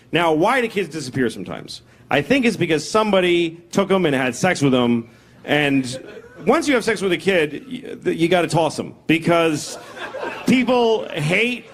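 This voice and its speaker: A man in his forties doing a stand-up routine, deadpan and self-deprecating, acting out other voices. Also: fairly high pitch. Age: 40s. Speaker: stand-up comedian. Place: stage before a laughing audience.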